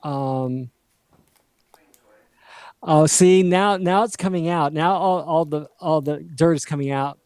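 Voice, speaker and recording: A man's voice: on the high side, slow, long pauses, a little mellow, clear, resonant tone, no room sound. A man co-hosting a casual livestream, reading out viewer comments in a chatty, self-deprecating way.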